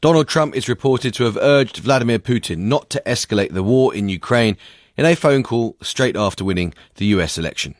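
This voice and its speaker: A man reading news headlines on the radio in a crisp, formal way. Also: mid-range voice, animated, brisk, no echo, clean studio sound. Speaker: radio presenter.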